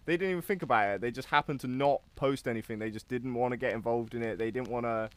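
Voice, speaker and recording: A man's voice: mid-range voice, fast, no echo. Casual man on a podcast. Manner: casual, filler-heavy, swears casually. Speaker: podcast co-host. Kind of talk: casual chat.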